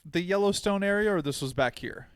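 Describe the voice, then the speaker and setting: A man co-hosting a podcast in casual chat, joking and chiming in with quick reactions. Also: high-pitched, lively intonation, clear, resonant tone, no echo, studio quality. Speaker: podcast co-host.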